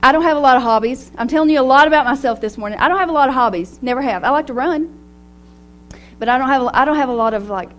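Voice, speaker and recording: High-voiced woman giving a lively devotional talk. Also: fast. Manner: animated and personal, laughing often. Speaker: women's ministry speaker.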